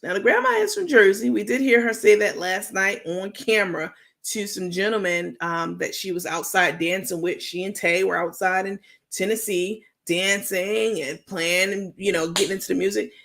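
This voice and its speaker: Gravelly New York woman dishing gossip. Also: mid-range voice, steady tone, fairly bright tone. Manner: chatty, drawn-out, slangy, full of fillers. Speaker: host. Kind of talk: gossip commentary stream.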